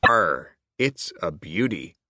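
A gruff old seadog of a pirate with a deep, slow growl, put on by a man reading a storybook aloud. He rolls out his arrs and ayes with salty relish, swinging widely in pitch. Underneath the bluster sits a kind heart. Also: very animated, sharp tone, no room sound, clean studio sound, exaggerated voice. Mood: boisterous.

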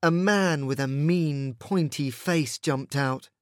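Expressive, slow male storybook reader. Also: fairly high pitch, no room sound, studio quality. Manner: expressive, sing-song reading. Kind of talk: storybook read-aloud.

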